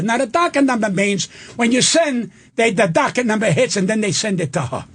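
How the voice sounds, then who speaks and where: An older man, a guest comedian, delivering a loud and profane shouting rant on a studio talk radio show. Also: high voice, lively intonation, a little fast, few pauses, husky.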